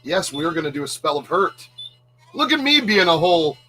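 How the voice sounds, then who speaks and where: Hosting a live stream of retro games, a man plays and offers casual commentary, laughing a lot and making jokes at his own expense. His fairly high, pushed and bright voice is very animated and fairly quick, with faint music behind it on a rough recording.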